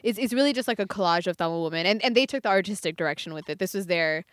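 A woman's voice: medium pitch, no echo. Chatty woman guest, dry close sound. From New York, United States. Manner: chatty, lots of "like", quick to laugh off jokes. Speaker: podcast guest, singer. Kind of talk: casual interview chat.

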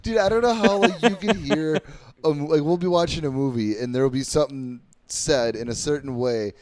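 A man in a relaxed podcast conversation who talks eagerly. He keeps prodding his friends and setting up little games. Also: fairly high pitch, fairly quick, no echo. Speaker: podcast co-host. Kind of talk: casual chat.

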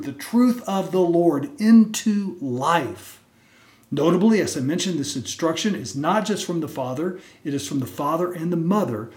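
His voice slightly high and a little mellow, a pastor delivers a sermon in an echoey church sanctuary. He drives his points home from the pulpit, dropping in quick "right?" asides as his words ring out.

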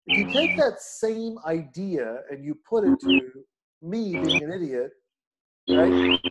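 A man's voice: fairly high pitch, wildly swooping pitch, slow pace, creaky, background noise. A man co-hosting a casual chat, talking in long, profane, emphatic rants.

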